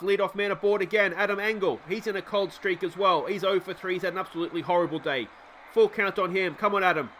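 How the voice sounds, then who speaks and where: High-voiced man calling a baseball game. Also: slight background noise. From Australia. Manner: lively, cheering on his players, swings between gloom and shouting. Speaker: let's play host. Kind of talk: excited game commentary.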